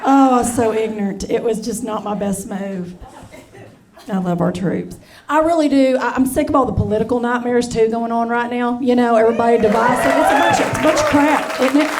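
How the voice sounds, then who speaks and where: Speaking a touch fast with a voice on the high side, a woman in her forties does a brassy, talkative stand-up set, calling people honey and y'all. The recording is from a live comedy show, with crowd laughter.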